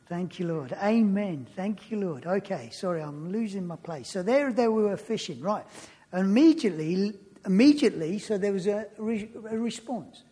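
Chatty higher-pitched male preacher. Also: animated, measured pace, mellow, breathy edge. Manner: chatty, laughs and loses his place, reads scripture aloud. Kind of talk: informal Bible teaching.

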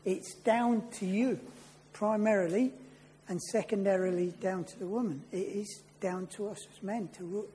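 A man's voice: high voice, a little mellow. Earnest man preaching a sermon. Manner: earnest, asks the listeners many questions.

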